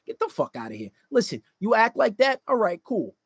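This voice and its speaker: A man's voice: high-pitched, wildly swooping pitch, normal speed, hardly any pauses, husky, dry recording. A man giving dating advice in a casual livestream monologue, blunt and profane, lecturing and acting out quoted voices.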